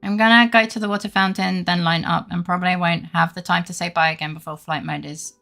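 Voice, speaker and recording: A woman's voice: lowish voice, fairly even intonation, fast talker, gravelly, bright, forceful tone, soft background music. A woman chatting casually with her viewers on a live stream, swearing freely and laughing often.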